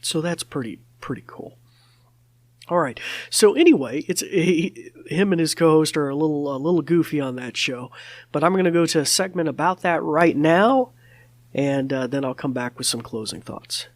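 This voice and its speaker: A man hosts a podcast in a relaxed, chatty way, often pausing on fillers and restarting his sentences. His voice sits at an ordinary pitch. The sound is close and dry. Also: no room sound. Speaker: podcast host. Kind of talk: casual podcast talk.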